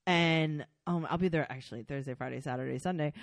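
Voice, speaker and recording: A woman's voice: sits low, fast, no room sound, clean studio sound. A woman comedian co-hosting a podcast, telling stories in a laughing, chatty way. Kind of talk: casual chat.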